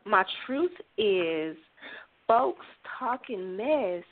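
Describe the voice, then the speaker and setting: A woman from Sacramento, California, calling into a talk show and chatting in a relaxed, unhurried way with many fillers. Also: medium pitch, slight background noise. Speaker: caller. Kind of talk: casual phone call. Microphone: phone. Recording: tinny phone line.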